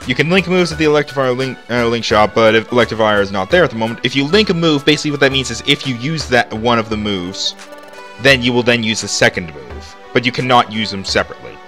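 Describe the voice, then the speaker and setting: A man talks through a video game in loose, rambling commentary full of fillers. His voice swings up and down a lot and has a bright edge. Game music plays faintly underneath. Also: mid-range voice, expressive, quick pace. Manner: rambling, chatty, lots of "like" fillers. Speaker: let's play host. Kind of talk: casual gameplay commentary.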